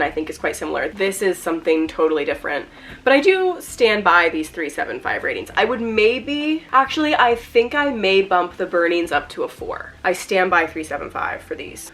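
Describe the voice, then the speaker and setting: A woman's voice: on the low side, fairly quick, fairly bright tone. A young woman with a sick voice chatting casually through a book review, full of "like" fillers. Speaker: book vlogger.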